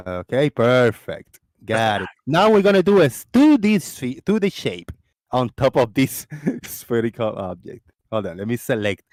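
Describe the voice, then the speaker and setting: An excitable man with a Floridian accent hosts a casual live stream. He rambles and restarts his sentences, and his voice sits close and dry on the mic with no room sound. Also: medium pitch, unhurried, no echo. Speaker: host of a live call-in discussion.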